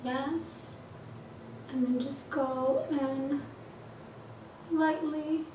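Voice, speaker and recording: A woman's voice: high voice, fairly even intonation, drawn-out words, dark tone. A young woman narrating a makeup tutorial in a chatty, upbeat, gushing way, recorded in a small apartment. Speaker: makeup vlogger. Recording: echoey room, distant mic, faint hiss.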